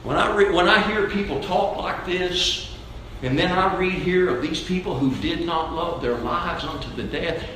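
Male preacher, high and bright, emphatic and repetitive, recorded in a very echoey church hall. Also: normal speed, slight background noise. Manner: emphatic, repeats key phrases for stress. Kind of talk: sermon. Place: church sanctuary.

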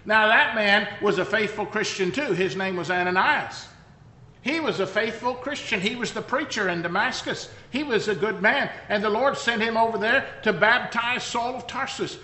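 A man's voice: sits high, moderate pace, pushed and bright. A man preaching a sermon, telling the story in a conversational, emphatic way with wry asides. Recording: echoey hall reverb.

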